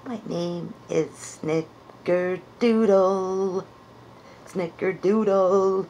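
A woman's voice: mid-range voice, fairly even intonation, very slow, mellow, a little hiss or hum, pitched above the performer's own voice. A woman voicing a shy blue furry puppet creature, unsure and playful as she searches for its voice in improvised comedy.

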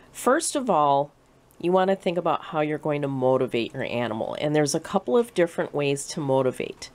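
A woman with a low voice gives an educational talk for children. She explains things patiently and clearly, building each point through simple examples. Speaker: animal shelter educator.

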